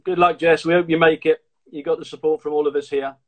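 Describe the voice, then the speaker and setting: A former racing driver in his fifties hosts a casual live video chat, reading out questions from viewers in an easygoing way. His voice sits a little higher than most men's. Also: fast. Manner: relaxed, reads out viewer questions. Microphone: phone or laptop mic on a video stream.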